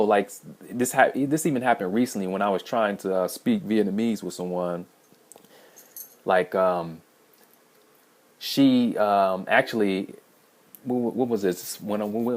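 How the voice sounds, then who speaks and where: A man hosting a language-learning video, talking casually to camera in a rambling way with many restarts. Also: deep voice. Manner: rambling, frequent restarts and fillers.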